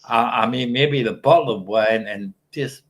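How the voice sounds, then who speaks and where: A man's voice: medium pitch, moderate pace. A man chatting on a livestream panel from a home webcam setup with a studio microphone, rambling and teasing the others cheekily. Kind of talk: casual chat.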